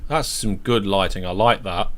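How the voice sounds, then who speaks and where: A man's voice: lowish voice, moderate pace, a bit bright. A British man casually commentating his own game on a live stream, chatty and talking through each step as he plays.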